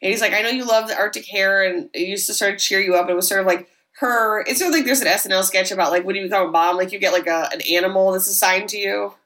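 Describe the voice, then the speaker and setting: A woman's voice: medium pitch, quick pace, few pauses, rough recording. A woman co-hosting a podcast, casually retelling a horror film's plot and briefly acting out the characters' lines. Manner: animated, acts out characters' lines, swears casually. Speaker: podcast co-host recapping a horror film. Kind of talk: casual chat, storytelling recap.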